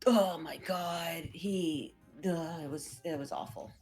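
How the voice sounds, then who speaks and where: A young woman hosting a casual chat, telling family stories in an animated way and imitating her parents in raised voices. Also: fairly low pitch, slow, faint music behind. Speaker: vtuber host.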